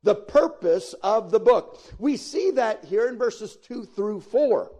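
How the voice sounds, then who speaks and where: Slow and dark in tone, yet pitched high with lively intonation, this man preaches as a pastor. He talks to his listeners in a plain, folksy style and swells without warning into emphatic climaxes.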